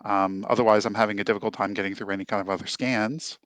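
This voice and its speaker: Man, low voice, halting, tabletop player, dry. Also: steady tone, fairly bright tone, no echo. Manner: halting, full of fillers. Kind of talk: casual tabletop game play.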